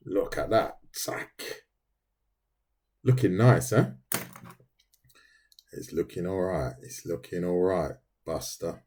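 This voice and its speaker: A middle-aged artist livestreams while drawing, chatting casually with his viewers and often calling them "mate." His voice is low and darkish, slow, with frequent pauses.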